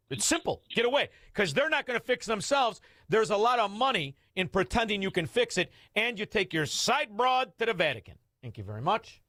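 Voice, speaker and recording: Man, radio host, high and lively delivery, brash and mocking, dry studio sound. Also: brisk, few pauses, no room sound. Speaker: radio talk show host. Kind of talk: call-in talk radio.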